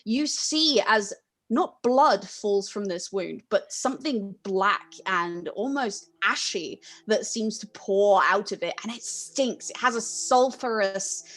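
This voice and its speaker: A woman's voice: medium pitch, lively intonation, slow, a bit bright. Woman game master narrating horror. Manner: vivid descriptive narration with frequent ums.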